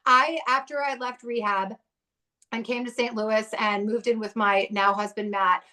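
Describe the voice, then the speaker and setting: A woman's voice: a little high, fairly even intonation, moderate pace, bright, forceful tone. A woman speaking as a podcast guest, telling her recovery story in a blunt, fiery way full of swearing.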